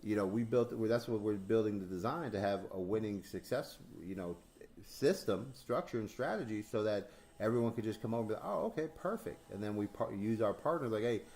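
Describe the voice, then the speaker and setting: A man with a voice on the low side talks a little fast while hosting a crypto stream. In casual chat, he tells animated stories, acts out dialogue, swears and laughs often.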